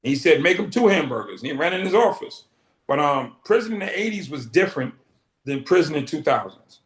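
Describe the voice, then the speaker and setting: Brisk and animated, with a voice on the high side, this middle-aged Boston man shares his story in an interview. He brings quoted conversations to life by acting them out, and the room echo is noticeable.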